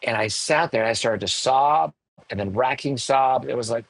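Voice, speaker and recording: Man in his sixties, husky voice, dry close sound, podcast guest, emotional storytelling, wry asides. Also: medium pitch, moderate pace, no echo, rough recording. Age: 60s. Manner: emotional, animated, self-mocking asides. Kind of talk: candid personal storytelling. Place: home in the hills above a large city.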